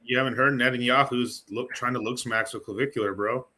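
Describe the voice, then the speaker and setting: A man co-hosting a livestream, joking in animated slang and swearing freely. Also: mid-range voice, fairly quick. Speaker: co-host. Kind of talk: casual livestream banter.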